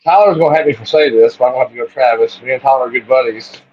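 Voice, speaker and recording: A man on a panel giving his picks in casual chat, quick and direct. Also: mid-range voice, slight background noise. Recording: dull lo-fi sound.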